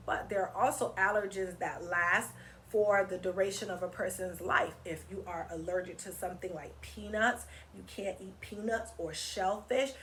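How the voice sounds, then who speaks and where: Animated woman reading aloud to kids. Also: medium pitch, a little hiss or hum. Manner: animated, teacherly, asks children questions. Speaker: children's story reader. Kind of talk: read-aloud for children.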